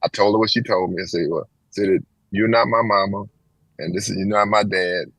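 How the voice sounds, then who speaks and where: A man's voice: brisk, no room sound, poor audio. A man in his sixties from Texas, telling a long personal story as an interview guest and acting out the voices of the people in it. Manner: animated storyteller, acts out quoted voices with big pitch jumps.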